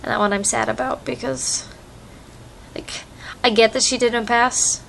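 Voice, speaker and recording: A woman's voice: fairly high pitch, fairly even intonation, measured pace, vocal fry, fairly bright tone, slight background noise. A young American woman chatting casually in a vlog, rambling with lots of fillers, recorded on a phone. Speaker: vlogger. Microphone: phone microphone.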